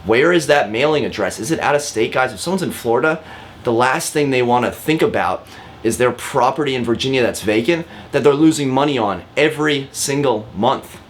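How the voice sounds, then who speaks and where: A man's voice: mid-range voice, animated, brisk, a little hiss or hum. A man, a real estate agent, giving a casual lesson to camera, talking directly with frequent fillers and repeats. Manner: chatty and direct, often calls viewers guys.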